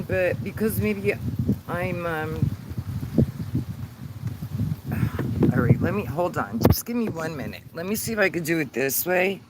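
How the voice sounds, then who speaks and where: A man hosting a casual livestream outdoors on his phone, rambling and halting as he fumbles with the settings. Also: fairly high pitch, lively intonation. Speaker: channel host on sobriety. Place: outdoors in a sunny yard. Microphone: phone held by the speaker. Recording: outdoor phone stream with road noise.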